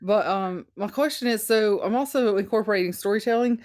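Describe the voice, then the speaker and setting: A woman's voice: mid-range voice, a little fast, darkish tone. A woman with a Southern US country twang calling into a live podcast, hesitant and searching for words with many ums. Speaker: audience caller.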